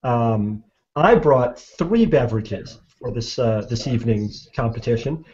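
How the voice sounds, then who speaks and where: A man introducing himself with dry, deadpan humor, hesitant and full of fillers. His pitch is in the middle range. The audio is a bit dull, like a video call. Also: measured pace. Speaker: guest panelist. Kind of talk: casual self-introduction.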